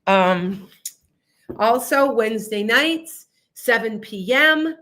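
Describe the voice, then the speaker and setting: A woman's voice: a little high, expressive, slow pace, fairly bright tone. A woman hosting a casual livestream as a psychic reader. She talks in a chatty, scattered way that turns emphatic and insistent. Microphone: streaming setup.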